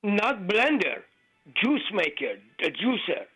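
A man calling in to a radio show, telling a joke haltingly with many fillers and non-native grammar. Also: sits high, very animated, bright, forceful tone, breathy edge, faint music behind, low-quality recording. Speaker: caller.

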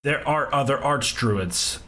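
A man voicing a grave, grieving elder male forest leader who speaks in solemn, measured phrases. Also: mid-range voice, pushed and bright.

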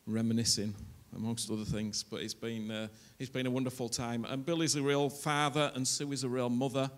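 A male pastor with a mid-range voice, level tone, and fairly quick pace welcomes visiting guests to his church. He's warm but rambling, hesitating often with fillers.

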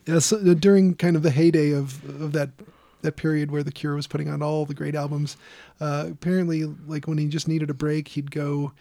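A man from Chicago chatting casually as a podcast host, wandering through anecdotes with plenty of "uh" and "like". His voice sits fairly high for a man yet sounds dark and mellow. The recording is close and dry, with little room sound. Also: flat delivery, brisk, no echo. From Chicago, United States. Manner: loose, rambling storytelling with fillers. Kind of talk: casual chat.

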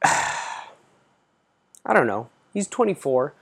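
A man's voice: a little high, sing-song, extremely slow, creaky, a bit bright, slightly rough. A man in his thirties hosting a podcast, telling an exasperated story in a casual, profane ranting way. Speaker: podcast host.

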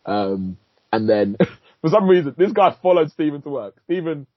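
A man's voice: a little high, big pitch swings, moderate pace, dry recording, muffled recording. A man, a podcast co-host recapping a TV episode in rambling casual chat, swearing and laughing as he goes.

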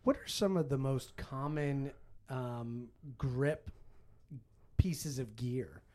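A man's voice: mid-range voice, takes it slowly, a little mellow. A man hosting a casual podcast chat, talking in a chatty way with frequent restarts. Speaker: podcast host and film producer.

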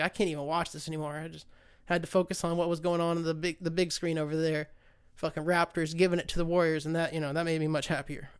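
Slightly high and smooth, this American man's voice carries his solo podcast rant. It's casual, wandering, heated, and laced with swearing.

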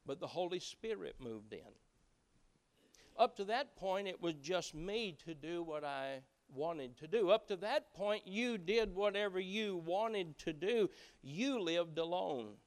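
Folksy male preacher, high voice, acts out dialogue quietly, then builds to loud emphatic peaks. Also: animated, takes it slowly. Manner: swings between hushed acted-out dialogue and loud emphatic preaching; folksy, preaching with colloquial phrases. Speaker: pastor. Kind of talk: sermon.

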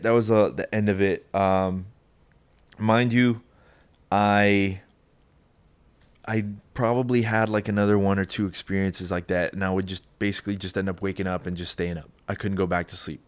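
A young man telling a personal story in a casual, rambling, profane way, getting animated as he retells it. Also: on the low side, smooth.

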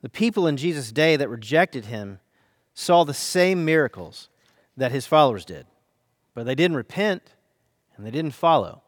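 An American man, a pastor, delivering a sermon with earnest, dynamic emphasis, slowing down to stress key phrases. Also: medium pitch, very animated, no echo, studio quality.

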